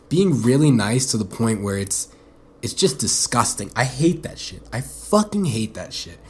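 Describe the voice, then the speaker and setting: Blunt, foul-mouthed young man rambling. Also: medium pitch. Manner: profane, blunt and self-mocking; rambling, with frequent restarts. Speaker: podcast host. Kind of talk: solo rambling podcast monologue.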